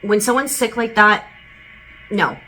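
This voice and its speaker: A woman's voice: medium pitch, a little slow, pushed and bright, faint music behind, poor audio. A woman giving a casual channeled psychic reading, rambling and relaying quotes with frequent "he goes". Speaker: psychic medium.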